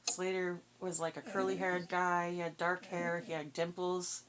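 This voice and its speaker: A woman giving a casual psychic reading, thinking aloud in a slow, musing way. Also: on the low side, little pitch movement, a crowd in the background. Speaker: psychic card reader.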